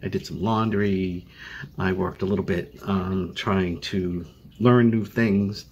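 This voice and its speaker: Deep, steady, and a little mellow, this older Boston man's voice takes its time, though the highs are cut off and there's slight background noise. He's a chronically ill vlogger filming a casual update at home with a phone as his webcam, sounding tired and rambling with lots of fillers and restarts.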